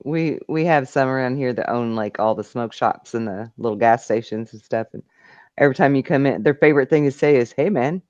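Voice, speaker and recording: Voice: mid-range voice, brisk, a little mellow, highs cut off. A podcast co-host chatting playfully in a casual show, laughing a lot.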